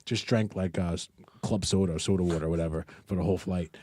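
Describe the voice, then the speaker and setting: A young man co-hosting a podcast, telling stories in casual chat, animated and swearing freely. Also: sits low, fast, slight background noise. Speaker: podcast co-host.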